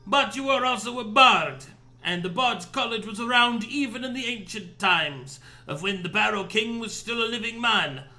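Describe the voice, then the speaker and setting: A man's voice: high voice, expressive, moderate pace, pushed and bright, heavily acted. A man voicing a sly, courteous male gator informant with a put-on French accent and theatrical manner. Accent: fake French.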